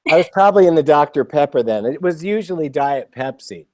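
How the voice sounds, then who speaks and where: A man's voice: a little high, expressive, fairly quick, darkish tone, no echo. A man chatting casually as a guest composer, rambling and self-deprecating with enthusiasm. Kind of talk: casual live chat.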